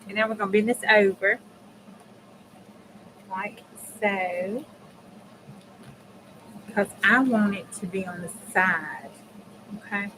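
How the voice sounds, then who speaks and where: A middle-aged woman with a drawl hosts a crafting livestream from her home craft room. She chats in a folksy, easygoing way, talking straight to her viewers. Her voice sits at an ordinary pitch for a woman. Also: slow pace, long pauses, noisy background. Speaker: craft channel host. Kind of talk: casual chat while crafting on a livestream.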